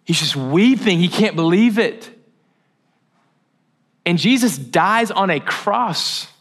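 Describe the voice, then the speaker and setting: A man's voice: high-pitched, animated, slow pace, fairly bright tone. A man preaching a casual sermon at a church service, telling the story in a chatty, joking way before leading a guided meditation.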